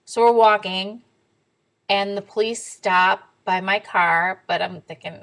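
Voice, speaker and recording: A young woman telling a story in a casual vlog to camera, animated and swearing freely, sometimes dropping to a whisper. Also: fairly low pitch, unhurried, poor audio. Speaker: diet vlogger.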